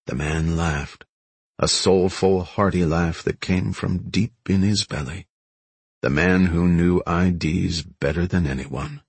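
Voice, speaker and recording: A man reading an audiobook thriller in steady, measured narration. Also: deep voice, husky, no echo. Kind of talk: scripted narration.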